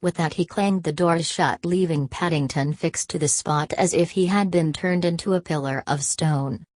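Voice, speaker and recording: Brief: woman narrator, low voice, dry close sound, storybook reading. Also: darkish tone, no room sound. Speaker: reader.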